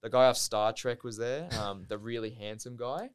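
A young Australian man spins a story in relaxed podcast chat. His voice is smooth and clear, sitting at a middle pitch. He talks loosely, swears freely and fills his sentences with "like". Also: normal speed. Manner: loose, swears often, heavy use of "like". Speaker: podcast guest, Olympic diver.

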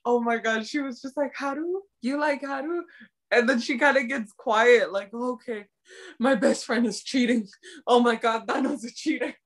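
A young woman co-hosting a casual chat, excitedly retelling scenes in slangy talk. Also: fairly high pitch, normal speed. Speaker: podcast co-host. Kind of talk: casual chat recapping a drama.

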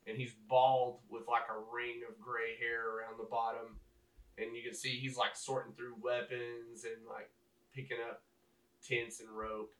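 A man's voice: medium pitch, flat delivery, a little slow, a bit bright. A man narrating a tabletop game as game master, casual and rambling. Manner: casual, rambling, lots of fillers. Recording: roomy echo, mic at a distance.

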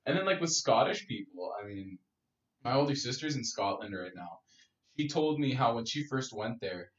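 A Canadian man chatting on a podcast, laughing along and trying out quick impressions. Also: medium pitch, animated. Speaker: podcast co-host. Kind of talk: casual chat. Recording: roomy and dull-sounding.

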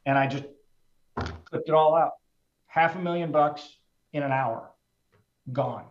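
A middle-aged man with a fairly high voice tells his own story candidly, plain-spoken and heartfelt, with casual restarts. The sound is roomy and somewhat dull, as if recorded in an echoing space. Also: fairly even intonation, moderate pace. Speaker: trader speaking as a guest. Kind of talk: candid personal storytelling in a conversation.

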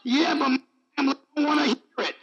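A preacher voicing a grumbling churchgoer. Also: male voice, very high voice, quick pace, fairly bright tone, dull audio, a little hiss or hum, pitched above the performer's own voice. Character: reluctant churchgoer complaining about family.

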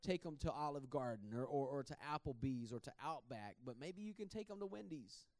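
A man's voice: medium pitch, lively intonation, fairly quick, darkish tone, dry recording. A man preaching a sermon in a conversational way, often repeating words and laughing at himself.

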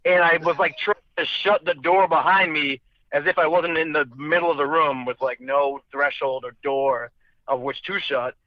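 A man's voice: a little high, fairly even intonation, moderate pace, no room sound. A young man casually telling a long, profane, rambling story, slipping into voices for quoted people. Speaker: storyteller guest. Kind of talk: casual chat. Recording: dull lo-fi dry sound.

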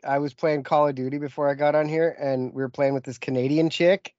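Man, podcast co-host, casual storytelling, laughs often, somewhat high voice, dull lo-fi mic. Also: flat delivery, fairly quick, a little mellow, no room sound. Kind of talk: casual chat.

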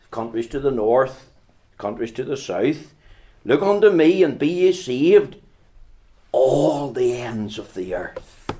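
A man with a mid-range voice preaches a sermon, shifting between slow, quiet stretches and loud, urgent outbursts while frequently repeating words.

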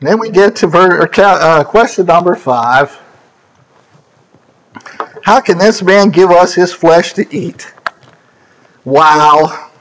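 A man preaching a sermon, quoting scripture and correcting himself as he goes, with emphatic swoops between loud high lines and quiet low ones. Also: takes it slowly, long pauses, rough recording. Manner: scripture quotes and self-corrections.

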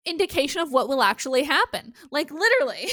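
A woman's voice: high voice, big pitch swings, fast talker, fairly bright tone, no room sound, studio quality. A woman co-hosting a casual TV recap podcast, chatty and swearing freely as she acts out lines from the episode. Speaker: podcast co-host.

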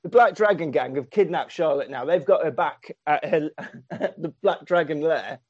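A man retelling a story in a casual comic way, excitable, laughing and swearing freely. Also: on the high side, normal speed, lo-fi sound.

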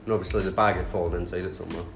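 A man's voice: low voice, fairly even intonation, very fast, gravelly. Laughing, swearing young man. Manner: laughing, swearing, acts out coworkers. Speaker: bar worker. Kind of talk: casual chat. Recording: echoey room with music behind.

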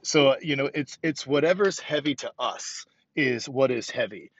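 Husky fast-talking man driving to work. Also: mid-range voice, no room sound, highs cut off. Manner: fast, rambling, enthusiastic. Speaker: strength training podcaster. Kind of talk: casual solo talk while driving. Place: car on the way to work.

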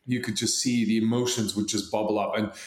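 A man's voice: lowish voice, fairly even intonation, fairly quick, a little mellow, echoey room. A man in casual podcast chat, rambling with many fillers and restarts. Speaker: podcast co-host.

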